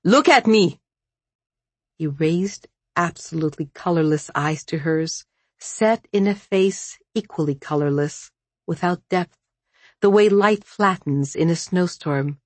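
A woman narrating an audiobook in a measured, even storytelling manner. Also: low voice, dry recording.

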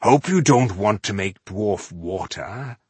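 A man voicing a cheerful male dwarf warrior who teases his friend, husky-voiced and easygoing. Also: fairly low pitch, lively intonation, slow pace, darkish tone, no echo, heavily acted. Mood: teasing. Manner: jovial, mocking, easygoing.

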